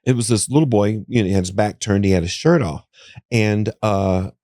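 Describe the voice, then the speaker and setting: A man with an Appalachian accent, a psychic guest in a studio, telling a story in a rambling way, full of restarts and jumping up high when he quotes people. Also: fairly quick, dark tone, no echo. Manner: rambling, with many restarts and "you know"s; voice jumps up high when quoting others. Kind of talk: casual storytelling interview. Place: podcast studio.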